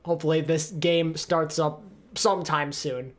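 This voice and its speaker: A man's voice: a little high, fairly even intonation, unhurried. A man hosting a casual live co-stream, talking to chat in a weary, wry way. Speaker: co-stream host.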